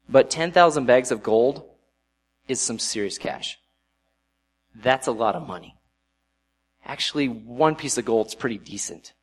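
A man delivers a relaxed sermon at a middle pitch. He reads scripture aloud and then breaks into loose, conversational commentary, talking to his listeners as if they were friends. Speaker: preacher. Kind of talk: casual sermon reading scripture.

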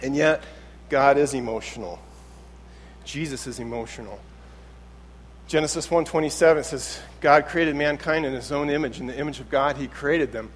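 This male pastor, medium-pitched and speaking at a normal speed, delivers a church sermon with a bit of background noise behind him. He keeps things chatty and lively, performing short quotes as he preaches.

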